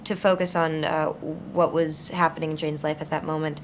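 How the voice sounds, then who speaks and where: A young actress in her twenties, with a deep, flat-pitched voice at normal speed, answers interview questions thoughtfully in conversation. She hunts for words, often restarting and using fillers, and there's a faint hiss or hum on the recording.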